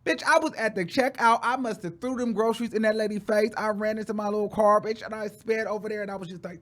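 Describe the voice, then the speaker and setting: A man hosting his own show, telling a story in a sassy, dramatic way and calling his listeners "girl", with sudden loud exclamations. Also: high voice, fairly even intonation, quick pace, few pauses. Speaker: show host. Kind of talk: casual storytelling chat.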